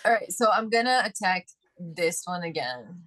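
A woman's voice: on the low side, very animated, moderate pace, a bit bright, rough recording. A woman playing a tabletop game, talking in a hesitant, unsure way. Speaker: player.

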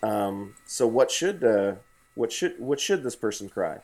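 Reading scripture aloud, a man guides a relaxed bible study conversation, his speech hesitant with frequent fillers and restarts. He has a fairly low, darkish voice that is expressive, and his pace is a little slow.

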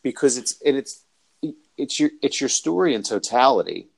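A man's voice: mid-range voice, lively intonation, moderate pace, gravelly. A man hosting an interview, talking earnestly and effusively with many restarts. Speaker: host. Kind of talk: casual interview.

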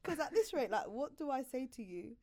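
A woman's voice: sits high, very animated, fairly quick, mellow. A young woman in her twenties, a podcast guest chatting casually, telling stories with frequent laughs and acting out other people's lines. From United Kingdom.

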